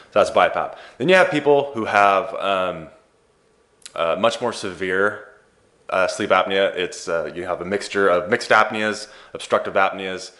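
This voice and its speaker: A man with a deep, low voice hosts an advice channel and walks viewers through the material. His talk is casual and chatty, and he drops in playful joking asides as he explains. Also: fairly bright tone. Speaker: host of a sleep therapy advice channel.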